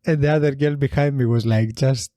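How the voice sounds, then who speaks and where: A man's voice: medium pitch, fairly even intonation, a little fast, mellow, dry recording. A man hosting a solo comedy podcast, rambling through a funny story and laughing as he tells it. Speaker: podcast host.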